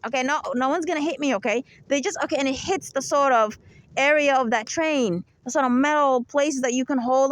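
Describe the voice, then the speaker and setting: A woman with a high voice talks to her audience in a long, insistent monologue, checking in over and over with "right?" and "okay?". Her voice is recorded close and dry, with no room sound around it. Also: no echo. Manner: insistent, lecturing tone. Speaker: channel host. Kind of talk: rambling monologue to camera.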